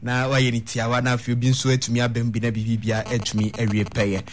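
A man's voice: mid-range voice, level tone, rapid-fire. A man hosting a radio phone-in, inviting callers and acknowledging them briefly. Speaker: radio talk show host.

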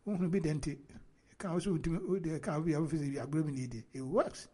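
Ghanaian male commentator, higher voice, mellow tone, mixes Twi and English. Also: fast, husky. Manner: mixes Twi and English, reads a news report aloud between remarks. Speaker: online commentator. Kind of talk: casual video commentary.

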